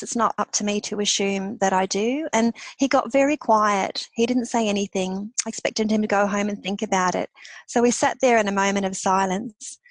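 A woman, a podcast guest, telling a personal story in an animated way and laughing often between phrases. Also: mid-range voice, no echo, low-quality recording.

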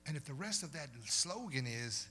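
Pastor guy preaching in church, bright lively voice going loud then quiet, repeats stuff, faint noise behind. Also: fairly high pitch, moderate pace. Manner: swings between loud preaching and soft conversational storytelling; repeats phrases for emphasis. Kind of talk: sermon with storytelling.

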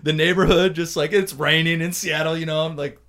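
A man with a slightly high voice talks fairly quickly while co-hosting a relaxed podcast conversation. He's an animated storyteller who acts out what people said.

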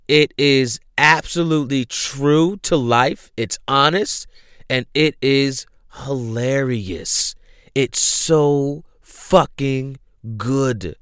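A young man casually retelling a show's plot, animated, acting out the characters' lines with lots of slang and swearing. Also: medium pitch, clear, resonant tone, dry recording, studio quality.

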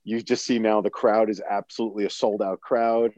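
A man's voice: on the low side, level tone, brisk, darkish tone, dry recording, lo-fi sound. A man in a casual podcast chat, animatedly retelling a movie, acting out quotes and laughing often.

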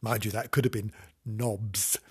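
A man's voice: lowish voice, fairly even intonation, measured pace, darkish tone, slightly rough. A man reading a children's story aloud in a playful, sing-song way, breaking off into cheeky asides and mock apologies to the children.

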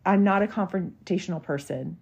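A woman's voice: lowish voice, brisk, gravelly, a little mellow, breathy edge. A woman, hosting a podcast and telling a personal story in a candid, emotional, chatty way. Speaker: podcast host. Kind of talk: casual storytelling monologue.

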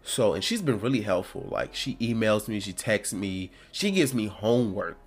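A man's voice: on the low side, animated, normal speed, slightly rough, faint music behind. A man hosting his own show, talking in a casual, rambling and heartfelt way from home. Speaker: podcast host. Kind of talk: casual solo talk.

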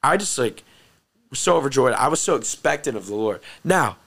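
A young man earnestly telling a personal testimony story, excitable and repeating phrases for emphasis. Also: mid-range voice, fairly quick. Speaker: host telling his testimony.

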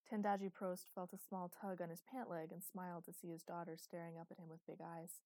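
A woman narrating an audiobook in an even, measured way, in a dry close recording. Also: lowish voice, no room sound, rough recording. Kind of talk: scripted narration.

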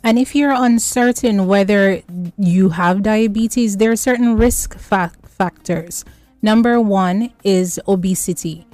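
A woman with a mellow, mid-pitched voice speaks slowly as a nutrition expert on a radio health show. She explains carefully and counts off her points one by one. The studio sound is dry, with faint music behind her. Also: no echo. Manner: slow, explanatory, lists points by number.

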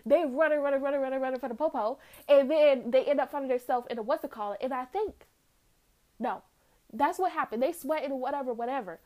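Animated young woman recapping a film. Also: high voice, quick pace. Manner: animated storyteller acting out characters' lines. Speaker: vlogger. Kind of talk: casual movie recap.

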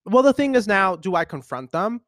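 A man in his twenties hosting a podcast, telling a personal story in a casual, animated, rambling way with lots of fillers. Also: high-pitched, brisk, dry recording, clean studio sound. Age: 20s. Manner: animated, rambling, heavy use of "like". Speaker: podcast host.

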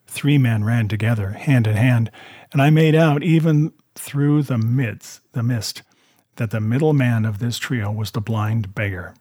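Husky-voiced man reading a classic novel. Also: medium pitch, dark tone, dry recording, clean studio sound. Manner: measured storytelling with voiced characters. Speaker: reader.

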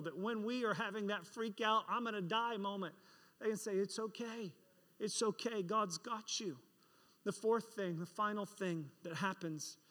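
Bright high-voiced preacher in a hall. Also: male voice. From England. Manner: storytelling, acts out voices. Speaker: pastor. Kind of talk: sermon. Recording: reverberant hall.

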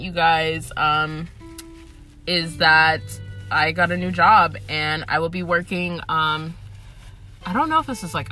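A young Atlanta woman with a fairly low, sharp voice hosts her podcast from a car parked in a parking garage. Her casual chat is full of free swearing and frequent laughter.

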